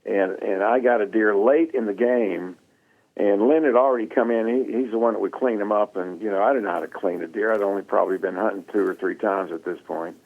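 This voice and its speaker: A man telling a funny story in a casual chat, animated and laughing often, acting out the quotes. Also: fairly low pitch, fairly quick, phone-quality sound. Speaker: guest.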